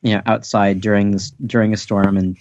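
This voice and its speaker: Man, podcast host, low voice, playful rambling, dry muffled audio. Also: little pitch movement, a little fast, darkish tone. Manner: playful, laughing, rambling with restarts. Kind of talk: casual chat recapping a manga chapter.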